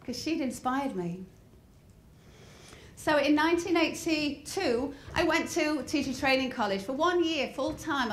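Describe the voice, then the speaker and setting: English woman in her fifties, high voice; lively, funny motivational speaker quizzing her audience, in a roomy hall. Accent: softened English accent. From north of England. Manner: lively, humorous, asks the audience questions. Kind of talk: motivational storytelling talk. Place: large hall before an audience. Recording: roomy hall with faint crowd ambience.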